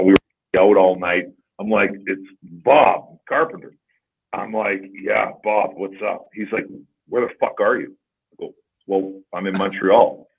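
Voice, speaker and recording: A man tells rambling, profane career stories in a casual podcast chat. His voice sits low and sounds husky. It comes through a tinny, phone-like line. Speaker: podcast guest, former hockey player. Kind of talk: casual storytelling.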